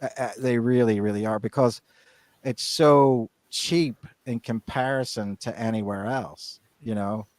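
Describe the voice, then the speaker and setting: A man's voice: medium pitch, fairly even intonation, a little slow, a little mellow, dry recording. A man co-hosting a podcast in casual chat, rambling with many restarts and fillers. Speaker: podcast co-host.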